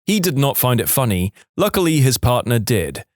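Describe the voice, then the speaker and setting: A man's voice: mid-range voice, very animated, moderate pace, a little mellow, no echo, clean studio sound. A man with a wry storytelling tone, reading stories from an online forum aloud. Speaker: story narrator.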